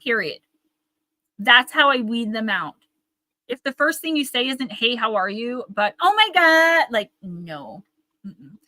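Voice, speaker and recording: A woman's voice: a little high, animated, a little slow, pauses often, pushed and bright, no echo, poor audio. A woman giving a live oracle card reading, earnest and encouraging, who mimics gushing voices now and then. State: tearing up.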